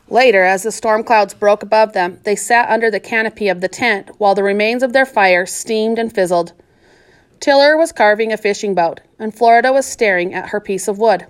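A woman reading a children's novel aloud in measured scripted narration. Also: medium pitch. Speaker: audiobook narrator.

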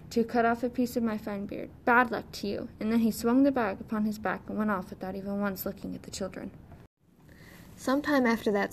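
A woman narrating a fairy tale in a steady, measured storytelling voice. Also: medium pitch, vocal fry, slight background noise.

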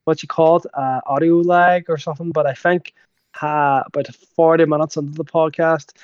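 A rambling man co-hosts a casual podcast, his voice a touch high. He is picked up on a slightly dull, dry home mic. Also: little pitch movement, normal speed, smooth, no room sound. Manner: rambling, full of fillers and restarts, laughs. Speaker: podcast co-host.

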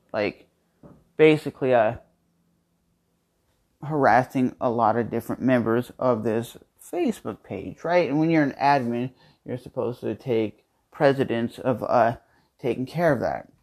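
A man talks through a casual, unpolished podcast from his home kitchen. His voice sits at an ordinary middle pitch for a man. He tells a personal story candidly and in a rambling way. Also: darkish tone. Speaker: podcast host.

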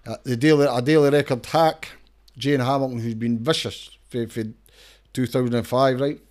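This is a middle-aged man with a broad Scottish accent, speaking at an ordinary mid pitch. He talks in a casual, emphatic way, pressing each point hard. He often restarts his sentences and repeats words as he goes. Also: fairly even intonation, moderate pace, a little mellow. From Scotland. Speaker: campaigner and lawyer, interview guest. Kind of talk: casual interview talk.

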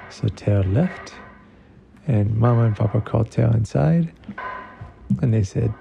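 Slow, gravelly man telling a bedtime story. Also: medium pitch, mellow, dull audio, slight background noise.

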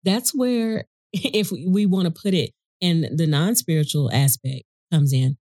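A woman's voice: lowish voice, measured pace, mellow, no room sound. A woman guest on a podcast, a voice actor and vocal coach, speaking emphatically and affirming as she quotes scripture. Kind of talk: casual podcast conversation.

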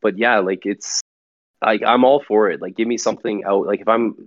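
A man's voice: fairly low pitch, steady tone, normal speed, lo-fi sound. A man co-hosting a casual gaming chat, talking loosely and eagerly with lots of "like". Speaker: podcast co-host.

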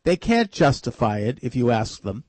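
A man's voice: medium pitch, sing-song, moderate pace, darkish tone, dry recording. A man hosting a radio talk show, earnestly urging listeners to act.

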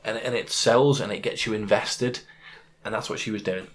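A man's voice: fairly low pitch, steady tone, normal speed, a little hiss or hum. A man co-hosting a podcast, talking casually about fights and making emphatic points with examples. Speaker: podcast co-host. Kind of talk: casual MMA chat.

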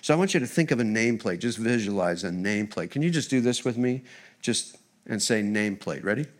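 Animated preacher telling stories. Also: male voice, fairly low pitch, fairly quick. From United States. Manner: storytelling, humorous and animated. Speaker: guest preacher; missionary. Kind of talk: sermon. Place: church.

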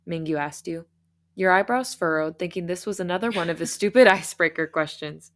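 A woman podcast host reads fan fiction aloud in a slightly low voice. Her narration is steady and clear, and she breaks into animated, laughing asides. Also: a little fast.

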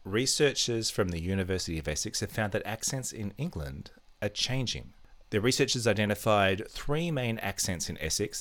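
A man's voice: deep voice, a bit bright. A man co-hosting a podcast, chatting casually and reading out a quiz in a playful, teasing way. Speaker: podcast co-host.

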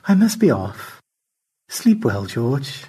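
A man voicing Margaret, a shy, sweet female AI avatar who speaks primly with gentle sarcasm. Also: mid-range voice, sing-song, takes it slowly, slightly rough, pitched above the performer's own voice, heavily acted. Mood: polite.

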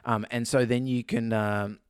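A man's voice: mid-range voice, level tone, a little slow, clear, resonant tone, dry recording, clean studio sound. A man co-hosting a casual vet podcast, joking and reading articles aloud with lots of ums. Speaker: veterinarian podcast co-host. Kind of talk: casual chat.

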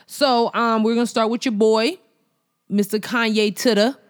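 A woman's voice: fairly high pitch, fairly even intonation, normal speed. A woman co-hosting a casual podcast, laid-back and chatty with a slangy way of talking. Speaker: podcast co-host. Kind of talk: casual chat.

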